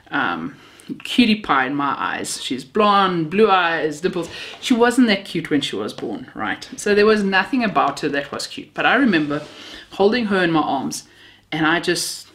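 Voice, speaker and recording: A woman's voice: deep voice, fairly bright tone. A woman from Namibia, preaching a sermon built on personal stories, heartfelt with a self-mocking sense of humor.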